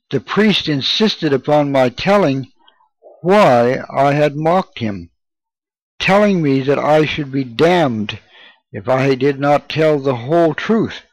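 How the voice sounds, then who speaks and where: A man reading a first-person memoir aloud in a measured, deliberate way. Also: medium pitch, no room sound, rough recording. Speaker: audiobook narrator. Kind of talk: scripted memoir narration.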